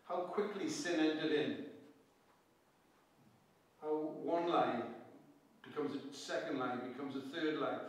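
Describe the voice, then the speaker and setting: A man's voice: on the high side, slow, long pauses. Man preaching, Pembrokeshire Welsh accent, echoey church. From Pembrokeshire, Wales. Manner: earnest, with rhetorical questions and repeated phrases. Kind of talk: evening sermon. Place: church hall. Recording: very echoey church, distant mic.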